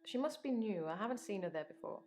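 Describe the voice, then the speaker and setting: Game role: actress as a measured, evasive grieving woman patient, mid-pitched, calm delivery. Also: faint music behind, close to an everyday voice. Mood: guarded. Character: guarded grieving woman patient under questioning. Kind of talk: game voice acting.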